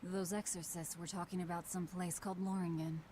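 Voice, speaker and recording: A woman's voice: fairly low pitch, flat delivery, brisk, mellow, a little hiss or hum, close to an everyday voice. An actress voicing a grim, hardened young demon woman from a game, who talks bluntly and dryly. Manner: blunt, dry, curt. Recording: game audio with faint music.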